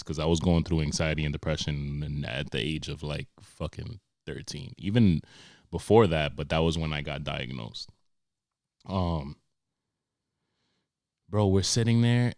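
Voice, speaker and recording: A young man, hosting a podcast and telling comic stories in a profane, animated way with sarcastic asides. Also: a bass voice, dry recording, clean studio sound. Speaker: podcast host. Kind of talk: comedic monologue.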